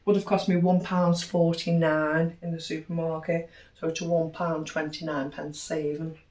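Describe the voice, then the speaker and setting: A woman's voice: low-pitched, little pitch movement, moderate pace, darkish tone. A middle-aged woman chatting casually through a grocery haul, cheerfully tallying prices and savings. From United Kingdom. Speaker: vlogger. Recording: roomy echo, distant mic, faint noise.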